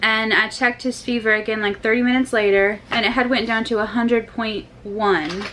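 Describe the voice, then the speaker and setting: A young woman and mother chats casually with her viewers in a family vlog, full of loose asides. Her voice is a little high and a bit bright, with fairly even intonation at normal speed. The recording is low quality, with a little hiss or hum.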